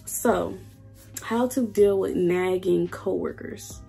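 A woman's voice: lowish voice, steady tone, moderate pace, dark tone, slightly rough, faint music behind. A young woman, ranting bluntly in a casual vlog and swearing freely. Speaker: vlogger. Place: indoors at work.

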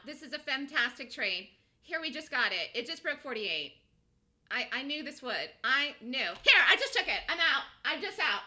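An excitable woman hosts a live trading show and talks fast through each price move, gasping and squealing along the way. Her voice is fairly high and very bright. Her pitch swings widely from line to line. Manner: rapid, repetitive play-by-play. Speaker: day-trading show host.

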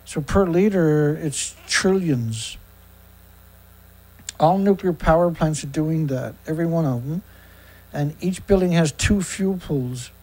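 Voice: medium pitch, slow, a little mellow, poor audio. A host of a daily news show reads news excerpts aloud and comments on them in a sarcastic, indignant way, often stumbling and repeating words.

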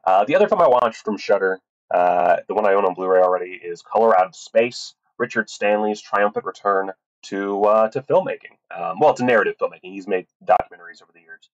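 A man's voice: lowish voice, lively intonation, brisk. A man hosting a casual solo film podcast, rambling with many fillers and restarts and swearing freely. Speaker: podcast host reviewing films. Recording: tinny wrong-mic recording.

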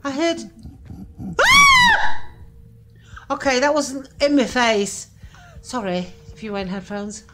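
A woman's voice: on the high side, moderate pace, noisy background. A woman giving nervous, jumpy commentary while playing a horror game, swearing and laughing at her own frights. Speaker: gaming channel host.

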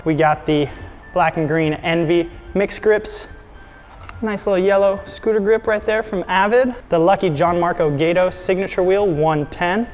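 A young man hosting a casual product build vlog, upbeat and jokey, talking straight to his viewers. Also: high-pitched. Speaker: host of a scooter shop channel.

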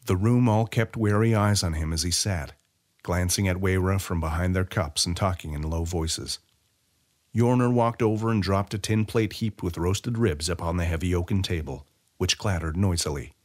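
A man narrating a fantasy short story as an audiobook reader, in an expressive storytelling way. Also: deep voice, moderate pace.

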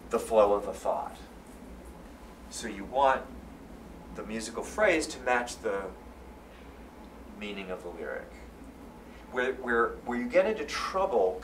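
A man giving a live lecture at a conference, energetic and repeating phrases for emphasis. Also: mid-range voice. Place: conference hall. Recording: roomy, from far off, faint room noise.

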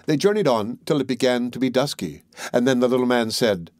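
A man's voice: medium pitch, fairly quick, darkish tone, no room sound. Man narrating fairy tales, dry studio. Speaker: audiobook narrator. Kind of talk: storybook narration.

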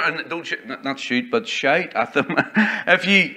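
A man's voice: fairly high pitch, lively intonation, measured pace, hardly any pauses, bright, forceful tone. A man preaching a sermon as pastor in a church, emphatic and quoting old-style scripture. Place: church sanctuary.

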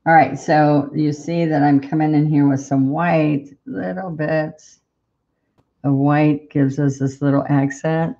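Slow, flat-voiced woman teaching painting. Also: low voice, highs cut off. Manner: chatty, encouraging, talks to viewers while painting. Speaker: painting instructor. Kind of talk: live-streamed painting lesson.

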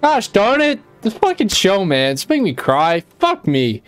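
A young man hosting a reaction video with a high, wildly swinging voice. He gushes and swears excitedly, with faint show music under him. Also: normal speed, no room sound. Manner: excitable, emotional, swears often. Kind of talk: reaction commentary.

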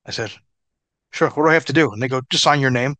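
A man's voice: medium pitch, quick pace, no room sound. Profane middle-aged man telling stories. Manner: profane, laughing, animated storyteller. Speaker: interview guest, former wrestler. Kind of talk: casual storytelling.

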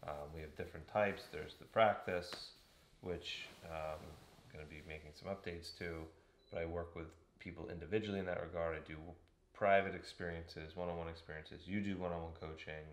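A man's voice: sits low, steady tone, normal speed, echoey room. A man co-hosting a podcast, chatting loosely about coaching with lots of fillers. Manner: loose and rambling, with frequent fillers. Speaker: podcast co-host. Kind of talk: casual chat.

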